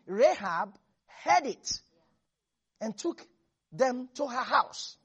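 A preacher gives an animated sermon, laughing often and acting out the quotes in the scripture. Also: mid-range voice, very slow, slightly rough.

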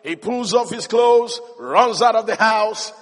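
A high-voiced male preacher delivers a lively, emphatic sermon. His voice swells into shouts of praise, and a long hall reverb trails every phrase. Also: measured pace. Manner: animated storyteller, rising to shouts of praise.

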